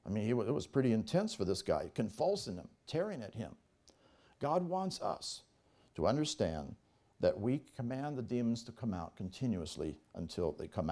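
A man's voice: fairly low pitch, warm tone. A man preaching a teaching sermon as pastor, reading scripture aloud and explaining it with emphasis. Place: church service.

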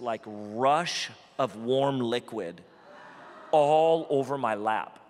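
A male pastor telling a funny personal story in a sermon, animated and self-deprecating, with quick asides. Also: medium pitch. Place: church auditorium. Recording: large hall with long reverb.

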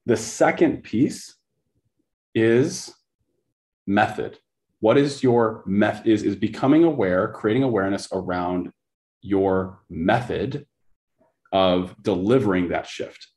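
Man, young adult coach on a podcast, low and emphatic, talks with intensity. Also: slow, pauses often, darkish tone. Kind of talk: conversational interview storytelling.

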